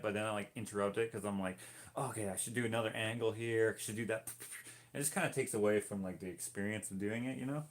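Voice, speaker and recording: A man with a low, gravelly voice talks casually through a live painting stream. He reads viewer comments aloud and wanders between thoughts, stopping himself mid-sentence in a loose, easygoing way. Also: a bit bright. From Canada. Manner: rambling, self-interrupting, easygoing.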